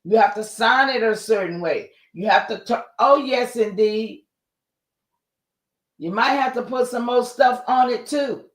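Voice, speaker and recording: A man's voice: extremely high pitch, unhurried, fairly bright tone. A man hosting a livestream, casually reacting to a clip and talking to his viewers. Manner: interjects exclamations, addresses the audience as y'all. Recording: roomy echo.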